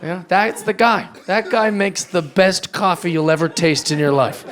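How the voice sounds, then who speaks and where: High-voiced profane stand-up comedian man. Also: normal speed. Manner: profane, mocking, drops low and quiet for asides. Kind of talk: stand-up set. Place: comedy club stage. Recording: live club crowd laughing. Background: audience laughter.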